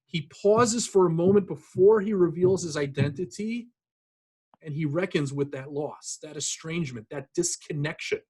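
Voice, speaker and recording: A rabbi giving an earnest, reflective sermon, pausing often with fillers and restarts. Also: male voice, fairly high pitch, a little mellow, husky. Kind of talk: sermon with scripture reading.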